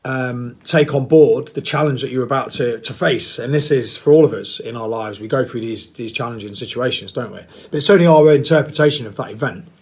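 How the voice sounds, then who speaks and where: A man's voice: medium pitch, a little fast, few pauses, a little mellow. Blunt, rambling man. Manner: rambling, blunt and self-mocking, with playful put-on voices. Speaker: vlogger. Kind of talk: casual monologue to camera.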